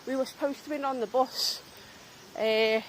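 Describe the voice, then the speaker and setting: A woman's voice: high voice, fairly even intonation, moderate pace, slight background noise, low-quality recording. A young woman tour guide vlogging, agitated and swearing as she retells an argument. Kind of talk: ranting vlog monologue.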